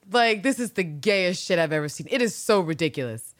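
A woman co-hosting a casual podcast, reading old diary entries aloud and reacting with animated, profane outbursts. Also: fairly low pitch, fairly quick, no room sound, studio quality. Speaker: podcast co-host.

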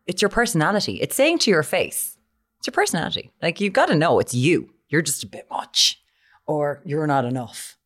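A woman from Limerick with an Irish accent, co-hosting a casual chat podcast, animated and mocking. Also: sits low, moderate pace. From Limerick, Ireland. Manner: animated, mocking, mimics others. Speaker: podcast co-host.

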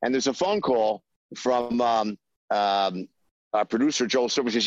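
A man's voice: medium pitch, no echo. Rambling man telling a story, muffled. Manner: rambling, halting with many fillers, acts out quoted voices. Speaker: screenwriter guest. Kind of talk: anecdotal interview storytelling.

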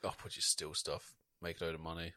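Brief: male podcast co-host, very low voice, dry close sound, crude joker. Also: level tone, brisk, pushed and bright, dry recording. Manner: crude, joking banter. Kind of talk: casual chat. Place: small indoor room, drinking a pint.

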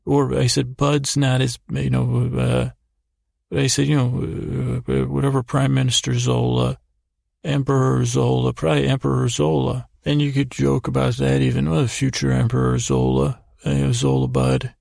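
A man with a deeply gravelly, fry-laden voice wanders through an improvised bedtime story, circling back and repeating "I said" as he trails off. His delivery is low-key and drowsy, and the sound is close and dry, with no room around it. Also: flat delivery, moderate pace, a little mellow, dry recording. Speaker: podcast host. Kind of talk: rambling improvised sleep story.

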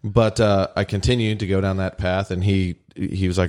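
A man's voice: deep voice, flat delivery, normal speed, a little mellow. A man telling a story in casual podcast chat, rambling with lots of fillers.

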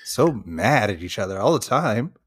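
A man co-hosting a podcast, chatting about a movie with dry wisecracks and quick reactions. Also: fairly low pitch, big pitch swings, husky, no echo. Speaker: podcast co-host. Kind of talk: casual movie discussion.

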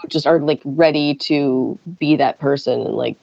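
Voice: mid-range voice, normal speed, vocal fry, a little mellow, no echo, lo-fi sound. A guest on a comedy podcast, making dry, teasing remarks. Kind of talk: casual comedy chat.

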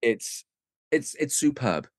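A man, a guest actor on a podcast, chatting casually and telling a lively story, slipping into comic voices. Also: mid-range voice, takes it slowly, dry recording, studio quality.

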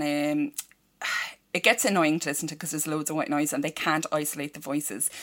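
Low-voiced woman podcaster telling a story. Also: a bit bright. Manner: reads a news story evenly, then banters and teases. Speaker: podcast co-host. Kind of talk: casual podcast chat and storytelling.

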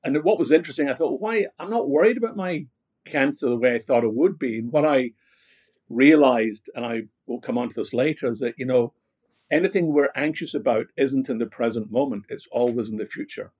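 Husky Scottish man telling his story. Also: medium pitch, a little fast, highs cut off. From Scotland, Glasgow. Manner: frequent fillers and restarts, rising animation in anecdotes. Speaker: guest, motivational speaker. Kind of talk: reflective personal storytelling.

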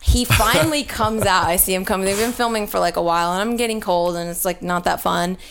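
A woman from Texas tells a story on a podcast, swearing freely and acting out her own side of the conversation. Her pitch sits in an ordinary middle range. She keeps the delivery loose and animated throughout. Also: quick pace, a little hiss or hum. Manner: profane, animated, chatty. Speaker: podcast co-host. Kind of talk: casual comic storytelling.

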